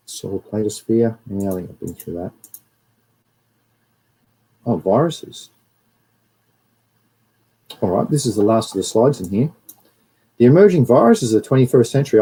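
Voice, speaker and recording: Husky, dark-voiced Australian man. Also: lowish voice, rough recording. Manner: chatty, rambling, greets viewers between slides. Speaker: livestream host. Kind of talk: casual livestream lecture.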